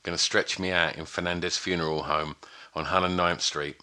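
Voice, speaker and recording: A man voicing a weary, dying male gangster in a put-on Puerto Rican accent, delivering a slow, quiet, resigned film monologue. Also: sits low, little pitch movement, clean tone. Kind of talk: reading film's closing monologue.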